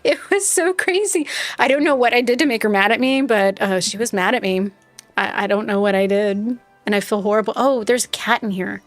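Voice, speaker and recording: A woman's voice: mid-range voice, fairly even intonation, brisk, no room sound, soft background music. A woman streaming a game live, telling a rambling story in casual chat and talking back to her viewers. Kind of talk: casual chat while playing.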